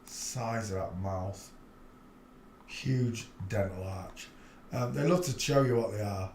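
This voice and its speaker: A man's voice: lowish voice, slow, a little mellow, slight background noise. A man hosting a livestream, talking in a chatty, rambling and blunt way and laughing at his own jokes. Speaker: livestream host. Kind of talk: casual livestream commentary. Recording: roomy echo.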